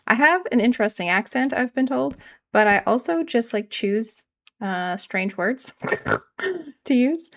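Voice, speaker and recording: A woman's voice: fairly high pitch, animated, measured pace, vocal fry, fairly bright tone. A woman from Canada with a regional Canadian accent, chatting casually with her live-stream audience while building in a game, rambling and self-deprecating.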